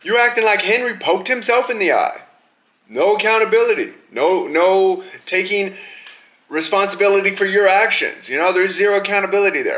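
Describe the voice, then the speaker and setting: A man hosts a podcast and delivers a heated, profane rant. His voice is sharp and bright, and he stays mocking and fired up throughout. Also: sits high, animated, moderate pace. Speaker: podcast host. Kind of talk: angry rant.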